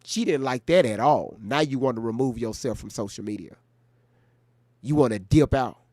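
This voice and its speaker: Male stream host, casual, blunt and profane, average pitch, dry close sound. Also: animated, moderate pace, a little mellow, dry recording. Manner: blunt, profane, talks straight to chat. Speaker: livestream reaction host. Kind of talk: casual livestream chat.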